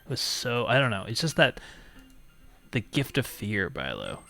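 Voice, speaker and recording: A man's voice: on the low side, huge pitch swings, moderate pace, creaky, bright, forceful tone, faint music behind. A man hosting a call-in talk stream, telling a rambling story in casual chat with frequent laughs. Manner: rambling, laughs often, mock phone-menu voice. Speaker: call-in show host.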